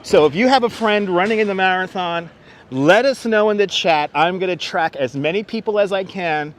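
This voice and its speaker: A man's voice: sits high, moderate pace. Chatty man live-streaming a city walk. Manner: chatty, greets viewers by name, reads chat aloud. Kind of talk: casual live-stream chat while walking. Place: outdoors on city streets. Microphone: wireless clip-on mic. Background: faint street and traffic noise.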